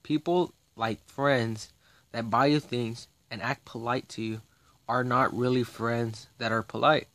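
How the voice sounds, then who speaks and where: A male vlogger delivers a profane, agitated rant that rambles and keeps restarting. Oddly, his medium-pitched voice stays steady and fairly bright at a measured pace, with no echo.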